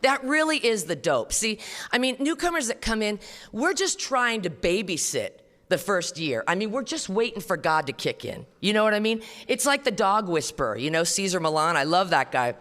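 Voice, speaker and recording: A woman's voice: medium pitch, very animated, normal speed, a bit bright. A woman giving a personal testimony at a recovery meeting, talking bluntly and profanely in a casual storytelling way. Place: meeting hall before an audience. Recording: reverberant live hall.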